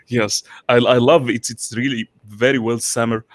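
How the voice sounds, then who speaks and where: A man's voice: mid-range voice, steady tone, a little slow, dry recording. Enthusiastic male host, dry sound. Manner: enthusiastic, with frequent fillers and repeated words. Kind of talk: live online talk show hosting.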